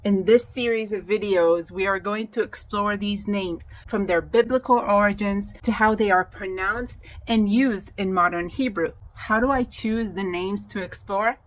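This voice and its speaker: A woman teaching Hebrew names, speaking carefully and spelling out each pronunciation. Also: medium pitch. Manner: careful, deliberate enunciation of each word. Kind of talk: slow, clear language lesson. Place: outdoors in wind, then indoors in a workshop.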